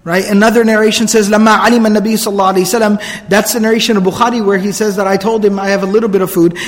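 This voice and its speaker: A man with a bright, fairly high voice gives a religious lecture at a quick clip. He tells the story earnestly, circling back on phrases to stress them and slipping fluently into Arabic quotes. His voice trails off into a long hall reverb.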